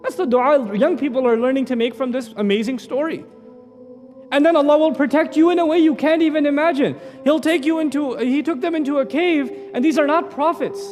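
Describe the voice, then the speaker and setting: A man giving an animated religious lecture, firing off rhetorical questions with a teasing edge. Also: very high-pitched, fairly quick, long reverb tail, soft background music. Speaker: Islamic lecturer.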